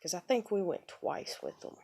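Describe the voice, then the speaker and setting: Bitter rambling woman, low and mellow. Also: wildly swooping pitch, slightly rough. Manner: halting, frequent "you know" fillers, bitter. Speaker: vlogger. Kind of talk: unscripted personal rambling.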